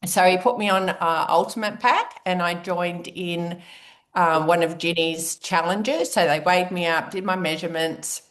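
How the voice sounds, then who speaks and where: Woman in her forties, guest speaker, chatty storyteller, slightly low voice. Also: a little slow. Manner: chatty, animated storyteller acting out her own reactions. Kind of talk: personal story talk.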